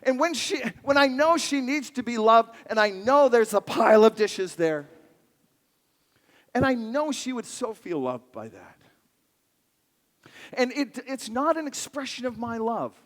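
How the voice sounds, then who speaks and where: A high-voiced male pastor preaches in a playful, lively way, his pitch swinging widely as he jokes with the crowd. His voice carries a long reverb from the large church sanctuary. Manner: animated, playful, jokes with the congregation. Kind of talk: sermon.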